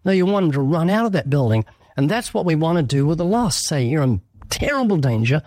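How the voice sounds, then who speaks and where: A man's voice: a little high, animated, fast talker, mellow, no echo. A man speaking as an evangelist guest, earnest and emphatic, preaching and acting out short exchanges. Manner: earnest, emphatic, sermon-like with acted dialogue. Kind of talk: preaching in a radio interview.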